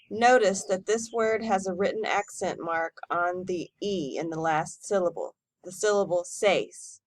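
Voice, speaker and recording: A woman teacher giving a recorded lesson, modelling each number slowly and clearly for students to repeat. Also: lowish voice. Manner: slow, careful model pronunciation for repeating. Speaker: Spanish teacher.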